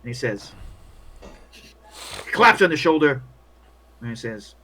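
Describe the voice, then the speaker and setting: Husky-voiced man running a tabletop game. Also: a little high, animated, a little slow, long pauses, bright, forceful tone, poor audio. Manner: casual, loose narration with filler words. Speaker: game master.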